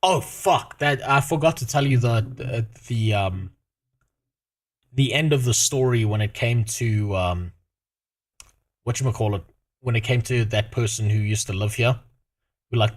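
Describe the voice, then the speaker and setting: A man streaming casually with a sore throat, swearing often and ranting animatedly. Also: mid-range voice. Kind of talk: casual reaction stream chat.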